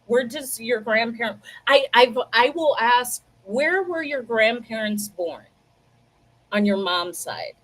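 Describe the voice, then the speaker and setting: A woman from the United States who hosts a casual livestream, chatting straight to her viewers and telling stories in an animated way. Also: on the high side, slow. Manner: chatty, animated storytelling, talks to viewers directly. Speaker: livestream host. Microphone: computer mic, livestream.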